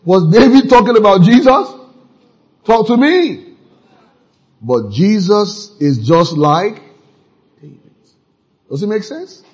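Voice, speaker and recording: A man's voice: sits high, animated, slow, pauses often, darkish tone, slightly rough, lo-fi sound. A man preaching a sermon, reading scripture aloud and firing questions at the congregation, rising to emphatic peaks. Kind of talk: call-and-response sermon.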